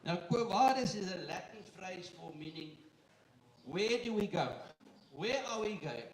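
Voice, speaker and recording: High-voiced man speaking in an echoey room. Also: lively intonation. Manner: joking asides to the audience, halting fillers. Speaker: company chairman giving a welcome speech. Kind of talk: live event welcome speech. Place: indoor event room with an audience. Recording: echoey room, far from the mic, faint noise.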